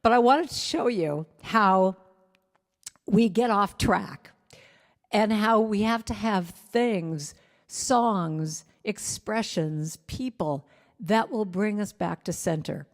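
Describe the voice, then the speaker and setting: In a large spiritual center hall, a woman guest speaker and singer tells a candid, self-deprecating personal story to a spiritual gathering, sermon style. Her voice is medium-pitched and she takes it slowly.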